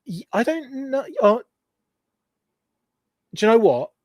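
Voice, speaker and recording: A man's voice: extremely high pitch, big pitch swings, slow, darkish tone, no echo, studio quality. A well-spoken English man hosting a live stream in a rambling, chatty way, reading out viewer comments and going off on asides. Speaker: podcast host.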